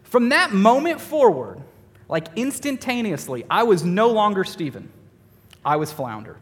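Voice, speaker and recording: Young male preacher, animated and self-mocking, slightly high voice, reverberant hall. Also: unhurried, slight background noise. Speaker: youth pastor. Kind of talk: sermon with personal storytelling.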